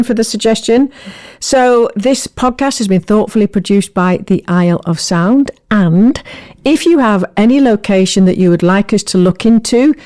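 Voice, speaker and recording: Woman, podcast co-host, playful, jokey, mid pitch, casual chat. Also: mellow. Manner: playful, jokey, quick to laugh.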